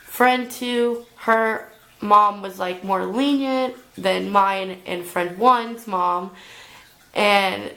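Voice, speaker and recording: Young adult woman, vlogger, slow rambling storyteller, mid pitch, heavy on "like.". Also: bright, forceful tone, low-quality recording. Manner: rambling, many filler "like"s. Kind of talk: storytime vlog.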